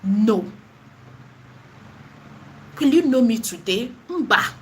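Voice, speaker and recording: A woman's voice: fairly high pitch, animated, extremely slow, a little hiss or hum. A woman with a Nigerian accent gives an impassioned preaching monologue in her vlog. She is emphatic and repetitive and slips into Pidgin and Igbo phrases. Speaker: online seller and spiritual vlogger.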